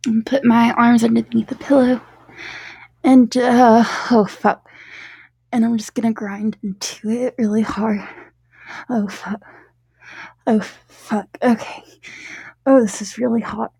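Giggly whispering woman, breathy. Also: fairly high pitch, flat delivery, takes it slowly, long pauses, warm tone, no echo, clean studio sound. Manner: hesitant, breathy, fumbles for words. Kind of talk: intimate improvised audio.

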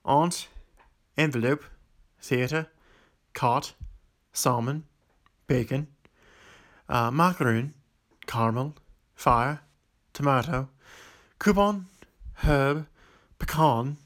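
A man putting on a shaky British accent while reading single words slowly. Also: fairly high pitch, a bit bright, heavily acted. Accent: mock British. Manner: reads a word list slowly, one word at a time.

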